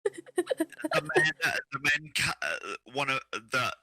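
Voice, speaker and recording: A man's voice: medium pitch, huge pitch swings, slow, crowd noise, poor audio. A man narrating a tabletop game as dungeon master, loose and rambling.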